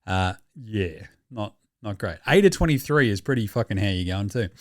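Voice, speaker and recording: A man's voice: lowish voice, animated, moderate pace. A young Australian man hosting a sports podcast in casual, rambling banter, swearing and laughing often. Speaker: podcast host.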